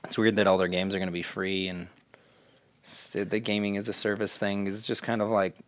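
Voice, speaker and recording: A man co-hosting a casual gaming podcast, rambling and animated, swearing and slipping into quick voices for the people he quotes. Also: lowish voice, no room sound. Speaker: podcast co-host. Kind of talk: casual chat.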